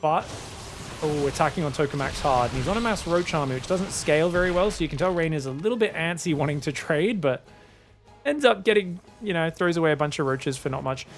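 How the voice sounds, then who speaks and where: A man casting a strategy game match solo, excitable and chatty, often calling out to his viewers. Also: on the high side, brisk, faint music behind. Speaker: esports caster.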